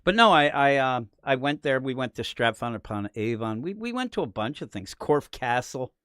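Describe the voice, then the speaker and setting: Animated American man telling stories. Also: moderate pace, clean tone, dry recording, studio quality. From United States. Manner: animated storyteller, breaks into high put-on voices. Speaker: podcast co-host. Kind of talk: casual live-stream chat.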